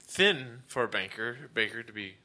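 A man's voice: medium pitch, expressive, moderate pace, sharp tone. A man narrating a tabletop game as game master, describing scenes and laughing often.

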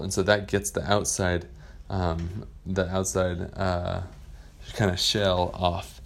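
A man telling an improvised bedtime story in a relaxed, rambling way. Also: deep voice, slow, vocal fry.

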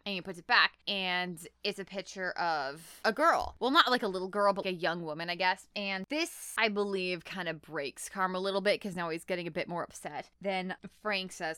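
A woman's voice: on the low side, normal speed, hardly any pauses, smooth, dry recording. A woman host in casual chat, recapping a show animatedly and saying "like" a lot. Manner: animated, heavy use of "like".

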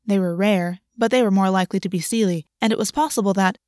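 A woman narrating a fantasy novel in an even, measured reading. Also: medium pitch, no echo, studio quality. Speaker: audiobook narrator.

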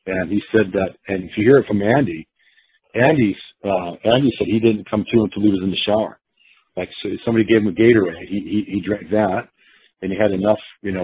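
A man's voice: lowish voice, breathy edge, no echo. A man casually telling a long story, acting out the quotes of the people in it, with many restarts. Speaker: guest storyteller. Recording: tinny phone-like line.

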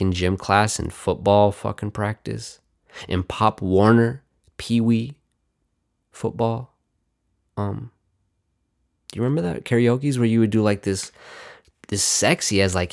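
A man's voice: fairly low pitch, a little mellow. A man hosting his own podcast, talking in a casual, rambling monologue. He swears constantly, mocks himself and calls his listeners dude and bro. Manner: profane, rambling, self-mocking, talks to viewers as "dude" and "bro". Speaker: podcast host.

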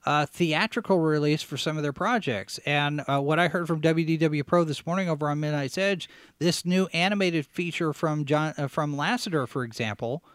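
A man from Texas with a general American accent, hosting a casual chat, chatty and quick to laugh. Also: fairly high pitch, fairly bright tone, smooth, no echo, clean studio sound. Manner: chatty, laughs easily, self-correcting. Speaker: host.

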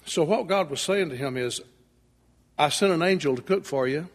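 A man's voice: fairly high pitch, moderate pace. A male preacher giving a sermon in a folksy storytelling manner, acting out the dialogue. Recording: echoey hall with long reverb.

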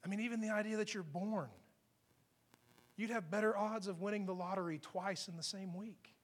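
A gentle, compassionate teacher speaks softly and reassuringly, his voice hushed and high, as a preacher voices him in a sermon. The tone is calm and kind. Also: normal speed. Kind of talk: acted quote in a sermon.

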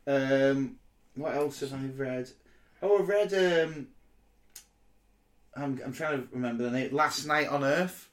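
Animated, swearing man chatting. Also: mid-range voice, slow pace, pauses often. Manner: animated, swears freely, laughs often. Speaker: podcast co-host. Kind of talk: casual chat.

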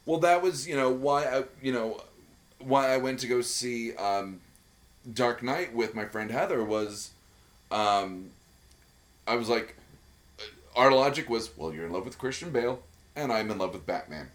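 In an unhurried, expressive voice of medium pitch, a man co-hosting a podcast chats casually and pauses often. He wanders from point to point, cursing freely and sounding enthusiastic, with many filler words.

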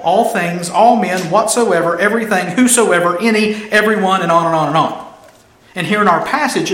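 A man's voice: high-pitched, a bit bright, reverberant. A man preaching a sermon, stressing and repeating his key phrases with emphasis.

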